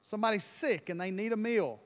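A man preaching a sermon, telling a story in an animated way and building to loud, emphatic peaks. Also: sits high, fairly quick, big-room sound. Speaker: pastor.

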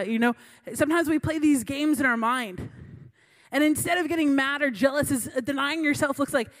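A woman's voice: high-pitched, a little fast. A woman in her late twenties, a youth pastor, giving a sermon in a chatty storytelling way with many fillers.

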